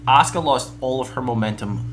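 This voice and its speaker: A man's voice: mid-range voice, brisk, faint music behind, poor audio. A young man co-hosting a casual wrestling podcast, joking and playful. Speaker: podcast co-host.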